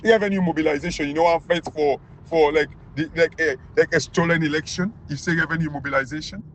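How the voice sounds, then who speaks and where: A Sierra Leonean political commentator speaks Krio-accented English, quick and steady in tone, with a little hiss or hum in the audio. His rant is mocking and emphatic, jumping high whenever he sounds incredulous.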